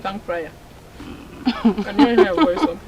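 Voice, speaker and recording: A woman's voice: mid-range voice, expressive, a little slow, recorded from a distance, crowd noise, natural voice. An actress with a Nigerian English accent playing a sister who reproaches her siblings about shared food. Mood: reproachful. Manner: reproachful, teasing.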